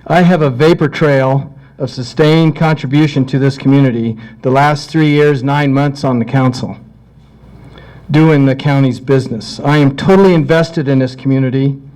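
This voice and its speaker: A middle-aged man speaks as a council candidate in an earnest, measured way, closing a candidate forum. His voice sits at an ordinary middle pitch. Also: darkish tone, low-quality recording.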